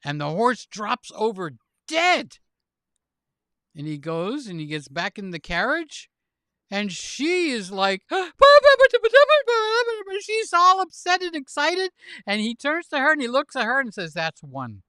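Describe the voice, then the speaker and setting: A man hosting a livestream, chatting with guests and telling silly jokes in an animated way while laughing at them. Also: high-pitched, measured pace, no echo, clean studio sound. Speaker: livestream host. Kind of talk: casual chat with guests.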